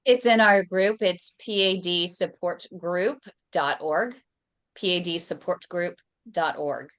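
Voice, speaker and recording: A woman hosting on a video call, speaking clearly and instructively and spelling things out for viewers. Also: lowish voice, slow pace, pushed and bright. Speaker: host of health advocacy show. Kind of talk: host interview and public health message.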